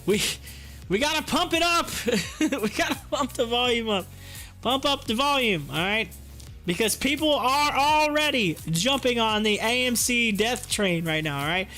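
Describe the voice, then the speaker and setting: A man's voice: very high-pitched, sharp tone. A man doing casual live-stream commentary on stocks, joking and laughing often and slipping into mocking voices.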